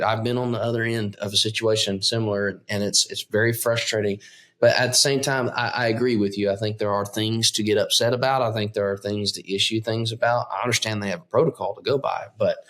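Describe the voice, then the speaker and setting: A man guesting on a casual hunting talk show, agreeable and halting, often restarting his sentences. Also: fairly low pitch, a bit bright. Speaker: guest musician. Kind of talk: casual conversation.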